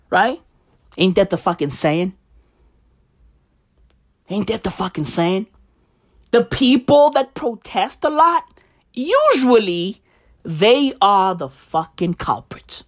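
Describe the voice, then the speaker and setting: A woman delivering a satirical comedic rant, sarcastic and profane, who keeps tossing in "right?". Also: fairly high pitch.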